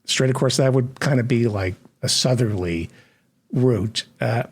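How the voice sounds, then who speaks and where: A man hosting a satirical comedy news show, delivering sardonic, deadpan asides. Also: mid-range voice, a little slow, slightly rough.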